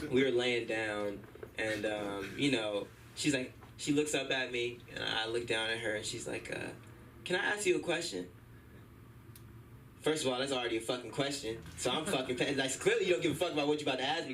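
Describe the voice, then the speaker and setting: A young man performing a stand-up set at an open mic, telling animated stories and acting out the people in them. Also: medium pitch, far from the mic, slight background noise, rough recording. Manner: animated storytelling, acting out voices. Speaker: stand-up comedian. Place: comedy club stage.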